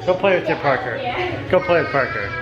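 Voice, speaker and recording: A man's voice: on the high side, lively intonation, fairly quick, dull audio, loud music behind the voice. A man filming a home vlog, teasing and joking with his young kids. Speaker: vlogger dad.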